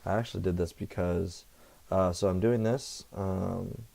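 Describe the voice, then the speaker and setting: A man's voice: low voice, fairly even intonation, unhurried, vocal fry, mellow. A young man rambling casually to camera, meandering, swearing often and correcting himself as he goes. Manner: meandering, profane, self-correcting. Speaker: vlogger. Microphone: computer headset setup.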